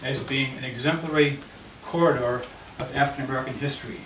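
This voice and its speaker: A man's voice: medium pitch, fairly even intonation, fast, a bit bright. A man presenting at a committee meeting, walking listeners through a handout map of his neighborhood. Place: meeting room. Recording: echoey room, mic far off, noisy.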